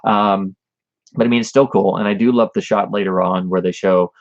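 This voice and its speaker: A fairly low-pitched man hosts a casual livestream, talking with a chatty, enthusiastic fan's energy. The sound is dry and close, with no room around it. The audio is a bit dull and lo-fi. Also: fairly even intonation, normal speed, no room sound. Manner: enthusiastic, chatty film fan. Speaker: livestream host. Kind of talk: casual livestream chat about films.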